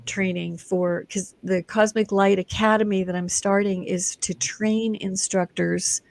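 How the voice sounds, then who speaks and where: A woman's voice: medium pitch, a little slow, vocal fry, dry recording. A woman guest on a talk show, an energy and intuition instructor, chatting casually and acting out stories with frequent laughs. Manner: animated storyteller, acts out quotes, laughs often. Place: broadcast studio.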